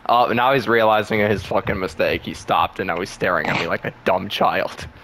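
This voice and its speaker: Young male gaming host, lowish voice, loose profane trash talk with lots of laughing, faint hiss behind. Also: fairly even intonation, moderate pace, fairly bright tone. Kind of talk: casual gameplay commentary.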